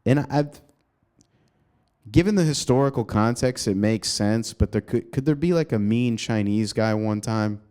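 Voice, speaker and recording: A male comedian hosting his own podcast, ranting casually and profanely, rambling with sudden jumps in pitch, recorded in an apartment. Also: moderate pace, a little mellow, smooth. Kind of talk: casual solo podcast rant.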